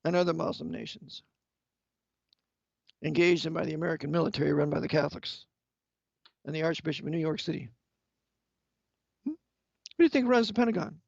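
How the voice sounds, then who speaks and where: A man's voice: fairly high pitch, brisk, gravelly, long pauses, no echo. A man delivering an impassioned sermon-style lecture, angry and emphatic, firing rhetorical questions at the listener. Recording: dull, lo-fi, dry sound.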